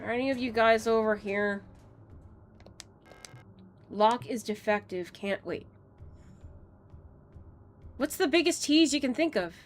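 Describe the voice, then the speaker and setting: A woman's voice: fairly high pitch, slow pace, pauses often. A woman streaming a game, rambling and joking as she plays, swearing freely and laughing often. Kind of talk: casual live-stream commentary while playing.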